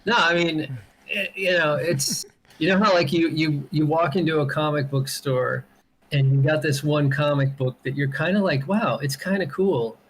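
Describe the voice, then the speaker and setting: A man co-hosting a podcast in casual chat, animated, acting out other people and swearing freely. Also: fairly high pitch, moderate pace, a little hiss or hum, low-quality recording. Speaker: podcast co-host.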